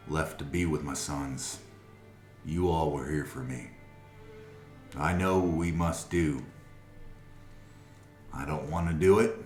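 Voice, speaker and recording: A man voicing an older townsman speaking calmly and with dignity. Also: very deep voice, roomy sound.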